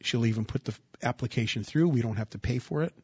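A man preaching a sermon, asking the congregation rhetorical questions and rising into loud bursts of emphasis. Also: mid-range voice, fast, breathy edge, dry recording, highs cut off. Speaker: pastor.

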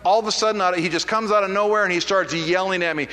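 A man's voice: fairly high pitch, steady tone, fast talker, hardly any pauses, bright, forceful tone. A man preaching a sermon, telling a personal story in a conversational, self-deprecating way with frequent restarts. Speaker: pastor. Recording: preached in a hall with long reverb.

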